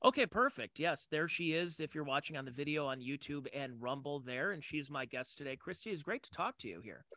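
A man's voice: a little high, animated, fairly quick, bright, forceful tone, no room sound. A man hosting a casual podcast interview, eager and rambling as he sets up questions. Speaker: podcast host.

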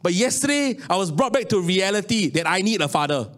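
Delivering a sermon briskly, this Singaporean English-accented pastor, a man in his late thirties, shares personal anecdotes. His delivery shifts from quiet, low passages to loud, excited outbursts.

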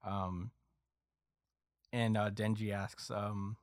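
A man's voice: lowish voice, level tone, extremely slow, no echo, studio quality. A man on a podcast recapping a story chapter in casual chat, rambling with lots of fillers. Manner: rambling recap with many fillers, acting out quotes.

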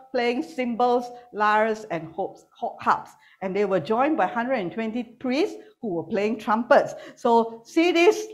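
A woman preaching a sermon to a congregation, animated and teasing, swinging between loud calls and quiet asides. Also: medium pitch. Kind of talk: sermon with humor. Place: church hall with online congregation.

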